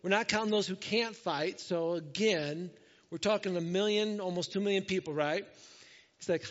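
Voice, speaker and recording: A man's voice: high voice, moderate pace, in a large hall, lo-fi sound. A male pastor preaching a conversational sermon, acting out the voices of the people he quotes.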